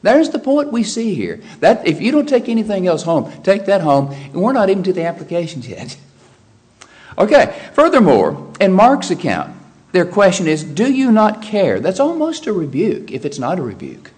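Animated preaching man, fairly high voice. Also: normal speed. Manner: animated preaching, acts out quoted panic with sharp rises in pitch. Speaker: pastor. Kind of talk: sermon.

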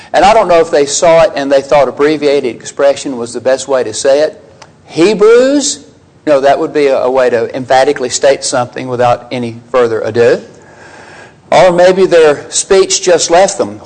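A man's voice: a little mellow, rough recording. A man teaching through a Bible passage verse by verse, asking rhetorical questions and acting out the quoted lines. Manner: conversational, asks listeners rhetorical questions; acts out quoted lines with raised pitch.

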